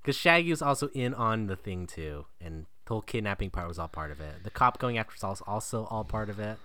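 A man co-hosting a casual movie recap, wry and often laughing, tossing in quick jokey asides. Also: on the low side, expressive, sharp tone. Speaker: podcast co-host.

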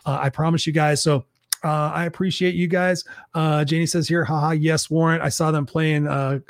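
A male show host and coach wrapping up a live stream, upbeat and effusive, reading out viewer comments, a bit hoarse as he loses his voice. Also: fairly high pitch, little pitch movement, moderate pace, no echo, studio quality. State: losing his voice.

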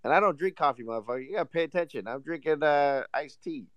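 A man's voice: fairly high pitch, lively intonation, quick pace, fairly bright tone, dry recording, dull audio. A man talking as a guest in a casual live chat, laid-back and teasing back with swearing. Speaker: guest speaker.

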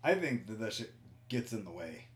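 A man's voice: on the low side, big pitch swings, moderate pace, roomy sound. Wry man hosting a podcast. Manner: reads listener questions, wry and exasperated. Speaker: podcast host. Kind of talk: casual podcast chat.

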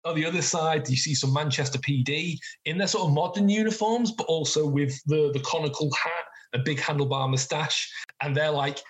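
A man narrating a tabletop game as game master, describing scenes in lively detail with casual fillers. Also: a little high, fairly quick, low-quality recording.

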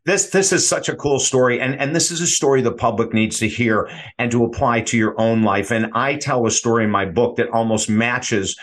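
A middle-aged man speaks as a sports psychology coach and guest. He tells stories with energy and acts out the voices of the people in them. His pitch sits in a middle range. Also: normal speed, few pauses. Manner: energetic storyteller acting out quoted voices. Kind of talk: animated guest storytelling.

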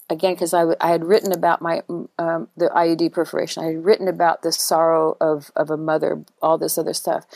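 A middle-aged woman with a slightly low voice talks through her memories in a halting, searching way. She restarts and repeats herself as she reaches for words. The sound is dry and close, with no room behind her. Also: creaky, a little mellow, no room sound. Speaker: guest, writing workshop teacher for veterans. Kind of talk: emotional personal interview.

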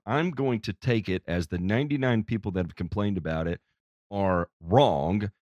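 A man's voice: lowish voice, no echo. A man from Tennessee, hosting a live call-in show and joking with callers. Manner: joking, playful, animated. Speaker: fill-in host.

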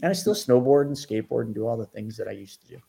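A middle-aged man, a guest on a podcast, spins his story with energy, jumping in pitch as he acts out his own past reactions. His talk is casual and quick to swing between hushed asides and bursts of excitement. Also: creaky. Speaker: podcast guest, financial educator. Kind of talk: animated storytelling.

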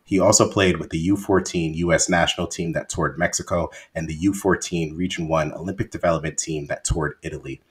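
A man's voice: low voice, steady tone, a little fast, few pauses. A young man hosting a podcast, chatting casually with many fillers and repeated words. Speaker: podcast host. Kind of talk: casual interview chat.

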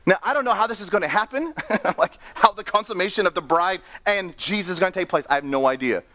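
A man preaching an animated sermon, often laughing and acting out the people in his story. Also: sits high, fast talker. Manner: excitable, laughs often, acts out characters.

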